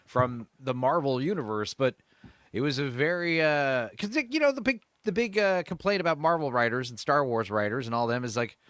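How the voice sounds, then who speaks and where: A man hosting a casual chat show, talking about films in a rambling, animated way with lots of fillers and laughs. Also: mid-range voice, normal speed, no echo. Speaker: host.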